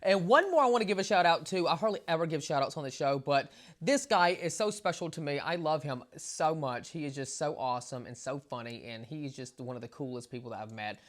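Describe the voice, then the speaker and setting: A man's voice: a little high, lively intonation, brisk, few pauses. Gushing male entertainment interviewer. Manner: gushing and enthusiastic, lots of affirming fillers. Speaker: interview host.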